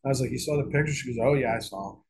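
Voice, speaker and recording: A man's voice: medium pitch, racing, gravelly, darkish tone, slight background noise, low-quality recording. Rambling, profane middle-aged man storyteller. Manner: rambling, profane, with many restarts. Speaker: guest author. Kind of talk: casual storytelling interview.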